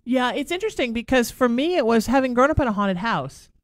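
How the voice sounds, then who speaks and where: A woman's voice: on the high side, lively intonation, quick pace, no echo. Woman radio host, dry studio voice. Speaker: radio show host and psychic. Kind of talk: casual radio chat.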